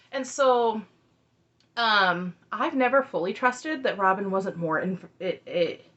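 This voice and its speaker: A woman's voice: medium pitch, fairly bright tone, muffled recording. A woman giving casual, sarcastic recap commentary on reality TV, with chatty asides, recorded at home under a ring light.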